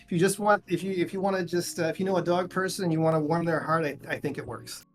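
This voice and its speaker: A man's voice: on the high side, fairly even intonation, fast talker, soft background music. A man guesting on a podcast interview, talking casually and self-deprecatingly, with frequent restarts. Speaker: guest, journalist and author.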